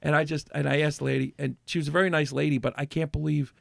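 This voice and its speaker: Man, podcast host, gravelly, slightly high voice, rambling casual chat, dry close mic. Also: flat delivery, fast talker, no echo. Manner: rambling storyteller with many restarts.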